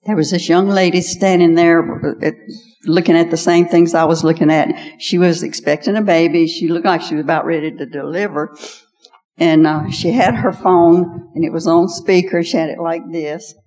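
Older woman, low voice, echoing hall. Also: fairly even intonation, moderate pace, darkish tone. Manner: folksy storytelling, repeats "I said". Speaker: guest speaker. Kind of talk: personal testimony talk. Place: large hall at an evening event.

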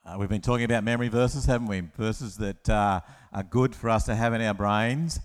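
A man preaching a lively children's-talk sermon, telling the story with playful asides and acted-out voices. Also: lowish voice, a little fast, smooth. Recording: long hall reverb.

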